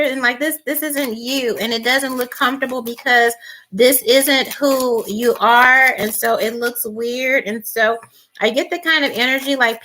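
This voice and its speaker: A woman's voice: high voice, bright, forceful tone. A woman doing a casual tarot reading, rambling with many fillers and restarts, blunt and teasing. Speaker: tarot reader.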